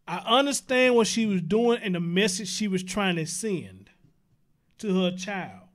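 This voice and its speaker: A man hosts a casual online commentary show. His voice is very high for a man. He reacts with disbelief and pounds home rhetorical questions in plain, blunt talk. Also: expressive, unhurried, a bit bright. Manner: incredulous, laughing through outrage, rhetorical questions. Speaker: show host.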